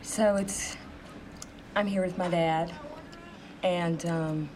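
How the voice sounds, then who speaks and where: An actress playing a naive young woman who works at an ice cream shop, talking in a hesitant, halting way full of ums in a mockumentary interview. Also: on the low side, steady tone, noisy background.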